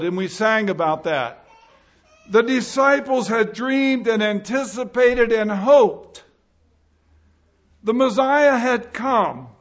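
A man preaching a sermon, earnest and emphatic, rising and falling in loudness for effect. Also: extremely high pitch, muffled recording.

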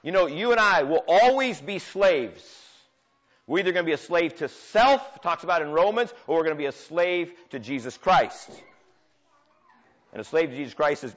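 A man preaching a sermon as pastor, swinging between loud emphatic declarations and quiet, intimate asides. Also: a little high, lively intonation, moderate pace. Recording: dull lo-fi church recording.

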